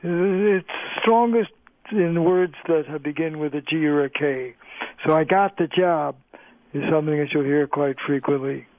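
A man's voice: on the high side, steady tone, normal speed, no echo. A man who is a linguistics professor, patiently explaining as a guest on a radio interview. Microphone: phone line. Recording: tinny phone line, dry.

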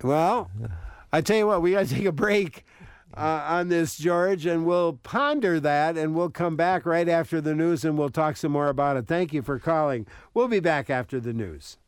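A man hosting a public radio call-in show, a bit hoarse as he loses his voice, taking calls in a friendly, brisk way. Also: a little high, dry recording, clean studio sound.

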